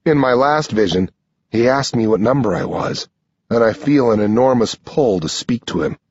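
A man reading a first-person story aloud as an audiobook narrator, in slow, measured storytelling. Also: medium pitch, animated, darkish tone, husky, no room sound, muffled recording.

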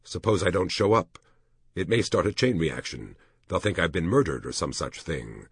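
A man's voice: deep voice, very animated, normal speed, breathy edge, dry recording, studio quality, exaggerated voice. A man voicing an anxious man musing worriedly to himself.

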